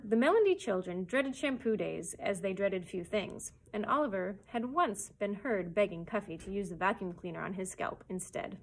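A woman's voice: mid-range voice, normal speed, few pauses, low-quality recording. Woman reading a chapter book aloud. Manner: steady expressive storytelling. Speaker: children's librarian.

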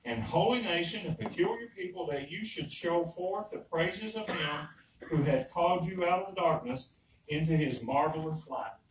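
Earnest preacher in an echoing church. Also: male voice, fairly high pitch, normal speed, slight background noise. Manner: earnest, emphatic, repeats himself. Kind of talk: sermon. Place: church sanctuary. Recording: roomy echo, speaker far from mic.

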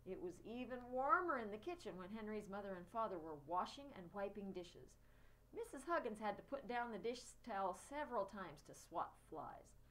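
A woman reading a children's chapter book aloud, expressive. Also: medium pitch, moderate pace, low-quality recording. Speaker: storyteller.

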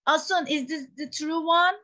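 A woman moderating an online teachers' meeting over a video call, speaking haltingly and with appreciation. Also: sits high, pushed and bright.

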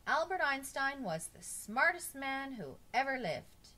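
A brisk, instructive schoolteacher, as a woman reads her lines in a storybook. Her voice jumps up high and bright when she addresses the class, with lively swings of pitch. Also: full character voice. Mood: teacherly. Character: brisk female schoolteacher, correcting. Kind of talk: storybook read-aloud.

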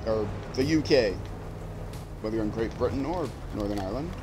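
A man's voice: on the low side, a little fast, noisy background. A man streaming a game, chatting casually as he plays, musing aloud and restarting his sentences. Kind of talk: casual gameplay commentary.

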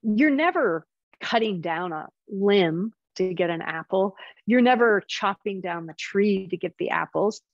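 A woman's voice: medium pitch, animated, a little slow, no room sound. An American woman giving a casual, chatty live online presentation over a video call. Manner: chatty, apologetic through tech glitches. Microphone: video call setup. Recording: dry, slightly muffled video call audio.

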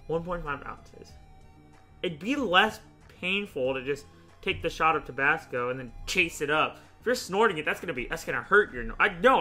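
A young man hosting a casual gaming video, chatting and thinking out loud, often laughing as he rambles through choices. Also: a little high. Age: young adult. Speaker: YouTube host playing a choice game.

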